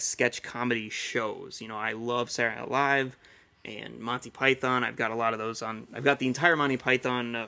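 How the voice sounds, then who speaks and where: A man's voice: medium pitch, gravelly, bright, forceful tone. A man in his thirties hosting a casual solo podcast, rambling and chatty with lots of fillers. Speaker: podcast host.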